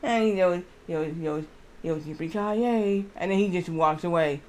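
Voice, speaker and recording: A man streaming live, chatting casually and reading aloud haltingly with lots of fillers. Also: a little high. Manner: rambling, reads aloud haltingly with many fillers.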